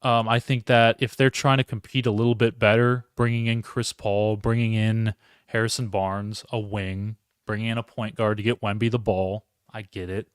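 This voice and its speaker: A man's voice: lowish voice, level tone, normal speed, clean tone, no echo, clean studio sound. A man hosting a live solo sports reaction stream, rambling, interrupting himself and talking to his chat. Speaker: podcast host.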